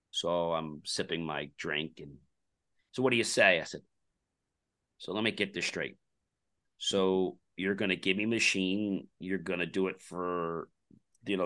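Low-voiced man telling a lively story. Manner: animated storyteller acting out quoted dialogue. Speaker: podcast guest, company founder. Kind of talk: anecdotal storytelling in a conversation.

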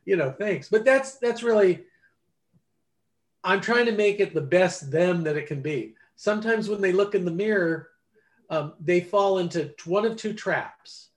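A man over forty, an author and ghostwriter, speaks a little slowly in a high voice during a casual interview. He's an animated storyteller who acts out the quoted conversations in his tales.

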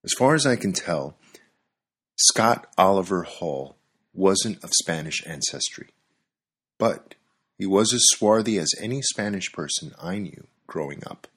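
Low, husky man with a wry delivery. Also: lively intonation, measured pace, a bit bright. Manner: wry, conversational, amused. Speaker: commentator. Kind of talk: scripted monologue.

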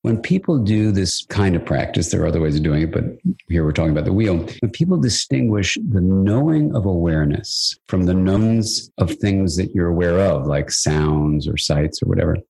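A man's voice: low-pitched, moderate pace, creaky, few pauses, breathy edge, low-quality recording. An older man, a psychiatrist guest in an interview, explaining ideas at length and telling stories with acted-out dialogue. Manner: animated storyteller, acts out quoted dialogue.

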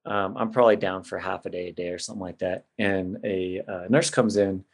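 His voice is deep and steady, and he talks briskly. As a middle-aged podcast guest, he shares a moving personal story in a relaxed, sincere way, peppering it with "man" and "bro."

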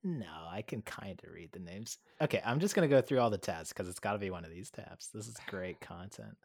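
A man's voice: fairly low pitch, lively intonation, a little fast, vocal fry. A man running a tabletop game, rambling casually with self-mocking asides and frequent laughs. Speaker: game master. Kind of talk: casual chat over a call.

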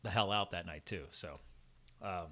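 Male storyteller, firefighter type, very bright tone, animated and chatty. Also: low-pitched, normal speed. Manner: animated retelling, acts out dialogue with lots of "I'm like". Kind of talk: casual storytelling chat.

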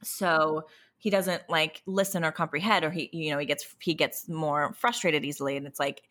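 A young adult woman and parent of a toddler, exhausted, talking candidly in a halting, self-interrupting, emotionally raw way. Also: sits low, steady tone, fairly bright tone. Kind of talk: candid conversational chat.

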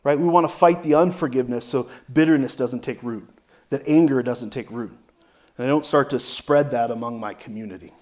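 A man, a pastor, preaching a conversational sermon, often asking "right?" and shifting his loudness for emphasis. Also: mid-range voice, fairly quick.

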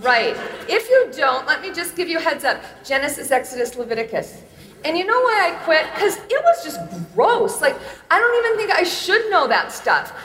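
A woman's voice: very high-pitched, sing-song, moderate pace, fairly bright tone. A woman in her fifties giving a chapel talk, chatty and self-deprecating, laughing often as she tells personal stories. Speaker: chapel speaker. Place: large hall. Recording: echoey hall with long reverb.

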